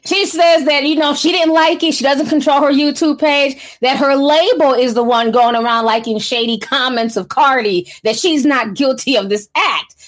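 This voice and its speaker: A woman's voice: high voice, moderate pace, few pauses. A woman hosting a casual livestream of gossip commentary, sassy and slangy, often laughing as she talks.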